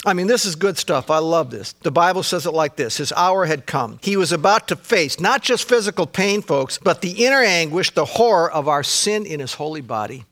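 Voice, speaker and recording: High, bright-voiced male preacher. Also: lively intonation, normal speed, few pauses. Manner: emphatic, conversational preaching with frequent asides to the congregation. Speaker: pastor. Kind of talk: sermon.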